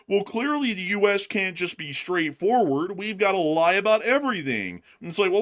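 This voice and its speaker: A man's voice: mid-range voice, a bit bright. A man co-hosting a casual news commentary livestream, blunt and exasperated. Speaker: co-host.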